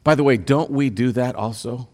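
A man's voice: medium pitch, normal speed, a little mellow. Guy preaching a sermon, reads the passage then really leans into it, asks the crowd stuff. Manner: reads scripture then preaches with rising intensity and direct questions. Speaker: pastor.

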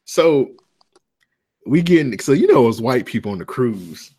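A man co-hosts a podcast in loose, slangy banter, spinning stories and laughing along. His voice is husky and slightly rough. His pitch swings widely as he gets into a tale. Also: big pitch swings, measured pace, mellow. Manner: storytelling, laughs often, loose slangy talk. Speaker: podcast co-host. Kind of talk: casual banter.

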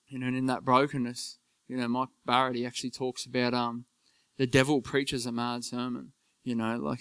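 A man giving an earnest personal faith testimony, halting and full of fillers. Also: medium pitch, pushed and bright, clear, resonant tone, dry recording. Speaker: church member giving testimony.

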